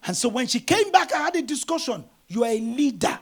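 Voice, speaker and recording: High gravelly-voiced preaching man. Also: fairly quick. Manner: animated storytelling, bursts of shouting. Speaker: pastor. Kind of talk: sermon.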